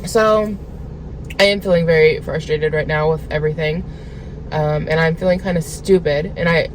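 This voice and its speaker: A woman's voice: fairly low pitch, slight background noise, rough recording. A woman vlogging from her car, talking casually and venting her frustration in a rambling way with lots of filler words. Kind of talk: casual venting vlog to camera.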